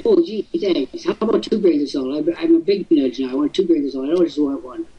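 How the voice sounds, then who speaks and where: A man in his seventies hosting a live webinar, teasing and firing off rhetorical questions, his voice swooping high for emphasis. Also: fast talker, slightly rough. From Illinois, USA. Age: 70s. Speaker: host. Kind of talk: webinar talk. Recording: dull lo-fi webinar audio.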